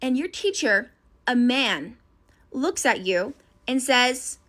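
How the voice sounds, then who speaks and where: A young woman telling a school story in a casual, animated way, addressing the listener as "you". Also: high-pitched, takes it slowly. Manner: animated second-person storytelling.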